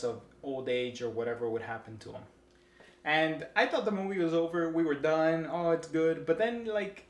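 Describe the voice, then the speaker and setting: A man giving an enthusiastic, rambling casual film review, full of fillers and restarts. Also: medium pitch. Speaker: movie reviewer. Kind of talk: casual spoken movie review. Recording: echoey room.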